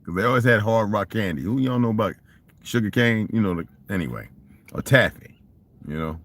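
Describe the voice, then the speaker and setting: A man's voice: fairly low pitch, expressive, fairly quick, a bit bright. An older man telling rambling, profane stories in a casual monologue and asking rhetorical questions. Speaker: vlogger.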